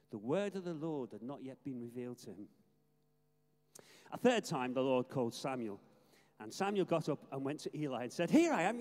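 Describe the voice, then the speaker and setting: An older retired minister preaching a sermon, reading scripture in an earnest, emphatic way with some hesitant restarts. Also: male voice, on the high side, darkish tone, in a large hall. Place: church.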